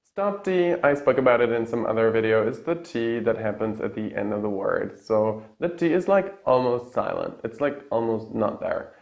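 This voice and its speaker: A man with Czech as his first language teaching English pronunciation in a casual lesson, repeating example words slowly and tagging sentences with "yeah?". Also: lowish voice, vocal fry, darkish tone. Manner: tags sentences with a questioning "yeah?".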